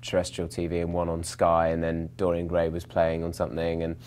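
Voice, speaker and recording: A young actor with a notably low voice, chatting through interview questions. He rambles, restarts his sentences and pokes fun at himself, with plenty of fillers along the way. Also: completely flat delivery, brisk, a little mellow, slight background noise. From England, London. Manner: rambling, self-mocking, many fillers and restarts. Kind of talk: casual interview answers.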